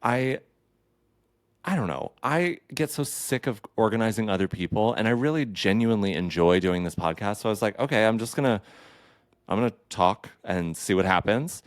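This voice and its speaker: Chatty deep-voiced man hosting a podcast. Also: lively intonation, moderate pace, no echo, studio quality. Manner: chatty and playful, with campy asides. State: caffeinated. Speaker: podcast host. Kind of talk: casual solo podcast chat.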